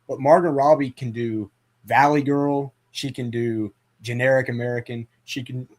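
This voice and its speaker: A man's voice: medium pitch, fairly even intonation, normal speed. A man hosting a casual movie chat, rambling with lots of fillers and restarts. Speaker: podcast host.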